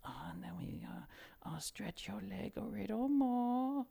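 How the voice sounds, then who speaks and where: A man's voice: lively intonation, unhurried, dark tone, heavily acted. A man voicing a woman ASMR artist with a thick Chinese accent, in a whispered role-play. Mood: soothing. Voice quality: breathy whisper, high-pitched.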